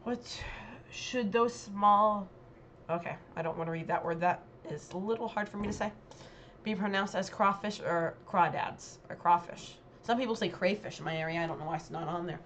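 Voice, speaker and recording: A woman's voice: on the low side, moderate pace, a bit bright, slight background noise. Chatty young woman musing aloud. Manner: chatty, thinking aloud, reads questions then muses. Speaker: vlogger. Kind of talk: casual quiz commentary.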